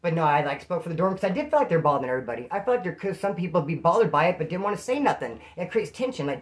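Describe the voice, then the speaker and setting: A man from California telling prison stories in casual slang, animated and acting out what people said. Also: high voice, rapid-fire. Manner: streetwise slang, animated, acts out quotes. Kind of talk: casual storytelling to camera.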